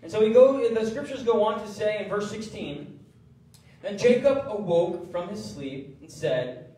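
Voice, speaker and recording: Male pastor, lively sermon delivery, high voice, miked from a distance in a reverberant church. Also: unhurried, slight background noise. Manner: animated preaching with acted quotes. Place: church sanctuary. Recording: echoey church hall from far off.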